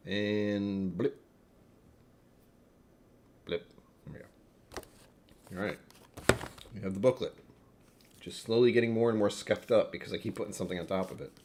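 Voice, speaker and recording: A man's voice: sits low, a little mellow. A man hosting a whiskey tasting livestream, chatting casually with viewers in a wry, self-mocking way.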